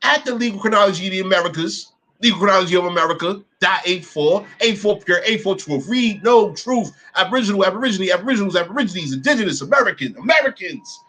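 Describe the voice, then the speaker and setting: A man giving profane, animated commentary as he reacts to videos, full of rhetorical questions and repetition. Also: high voice, fast.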